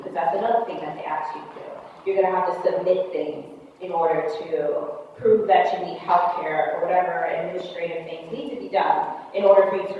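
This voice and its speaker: A woman's voice: on the low side, highs cut off, slight background noise. Woman testifying in an echoey hall. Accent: American. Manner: earnest, measured, with frequent um fillers. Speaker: speaker at a public forum. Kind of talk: public testimony speech. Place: large public meeting room. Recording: distant mic in an echoey hall.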